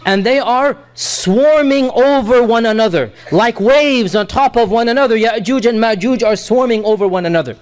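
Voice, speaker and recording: A man's voice: very high voice, normal speed, hardly any pauses. A man teaching a lesson on scripture, explaining terms patiently step by step with small hesitations. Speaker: Quran teacher.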